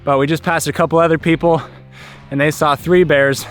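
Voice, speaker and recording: A man's voice: a little high, level tone, fairly quick, soft background music. A young man narrating an outdoor hiking vlog on a forest trail, chatty and informative, speaking into a handheld camera mic. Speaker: vlogger and hiking guide.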